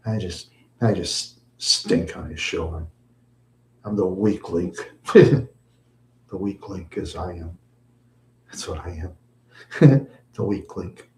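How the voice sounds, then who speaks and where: A middle-aged man talks on a live stream in a slightly low voice, rambling and repeating phrases over and over. His talk drifts between mumbling and louder complaint. The room around him is echoey. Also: animated, takes it slowly, long pauses, slight background noise. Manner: repetitive, mumbling, self-pitying. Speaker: livestream host.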